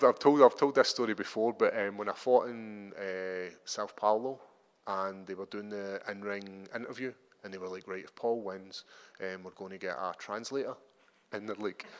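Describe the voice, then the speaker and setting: Scottish man with a deep voice. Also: big-room sound. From Scotland. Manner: chatty, animated storytelling with many restarts. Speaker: MMA fighter. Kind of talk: media day interview.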